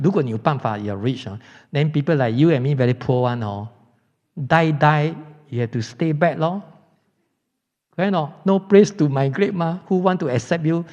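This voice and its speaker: A man's voice: mid-range voice, mellow. A man with a Singaporean English accent teaching a Buddhist dharma class, chatty and throwing rhetorical questions at the class. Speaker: Buddhist monk lecturer. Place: lecture hall. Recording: dull lo-fi hall recording.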